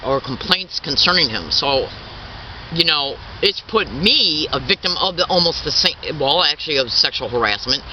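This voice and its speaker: Indignant halting man, distant dull recording. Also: a little high, slight background noise. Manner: halting, repetitive, restarts often; indignant, insistent. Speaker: activist. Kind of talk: impassioned spoken statement.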